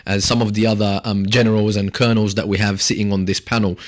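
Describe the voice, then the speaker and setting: A man with a slightly low voice hosts a casual radio talk show from the studio. He rambles along in a jokey way and laughs often. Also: level tone, quick pace.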